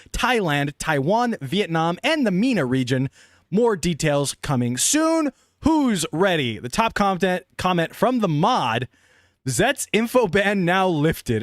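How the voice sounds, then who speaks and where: A young man chatting casually on a live stream, excitable and laughing often. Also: fairly high pitch, no echo, studio quality.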